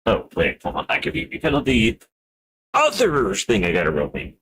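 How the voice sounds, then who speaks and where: A man's voice: deep voice, huge pitch swings, moderate pace, a bit bright, a little hiss or hum. A man streaming live while building a 3D model, talking to himself in a rambling, playful way with wordplay asides.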